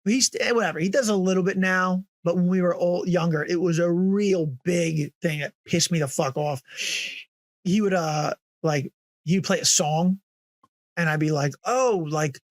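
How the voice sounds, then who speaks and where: A young male comedian rattles off profane, animated stories in a fairly high voice. He acts out the people he quotes, and the recording is dry and close. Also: moderate pace, no echo. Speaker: podcast guest, comedian. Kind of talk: casual podcast chat.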